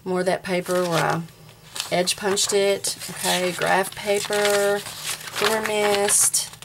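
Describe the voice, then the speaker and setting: A woman's voice: mid-range voice, little pitch movement, slow pace, noisy background. A woman in her forties with a Southern US accent, chatting casually as she shows off a handmade craft journal and talks straight to viewers. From American South. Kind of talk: casual show-and-tell vlog.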